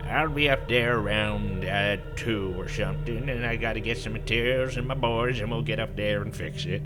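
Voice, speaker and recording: A man's voice: on the low side, normal speed, lightly acted. A man voicing a grumpy, cranky old male handyman who grumbles and boasts. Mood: grumbling. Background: background music.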